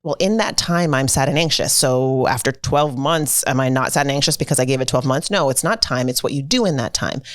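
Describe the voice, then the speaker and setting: A woman's voice: extremely low pitch, fairly quick, hardly any pauses, no room sound, clean studio sound. A woman self-esteem coach, a guest in a conversational interview, who explains with energy and emphasis like a teacher.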